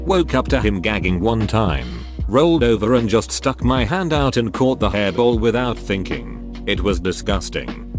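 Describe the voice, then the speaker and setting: A man narrating forum posts aloud in an even, mechanical read-through, spelling out letters as written. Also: fairly low pitch. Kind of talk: scripted narration.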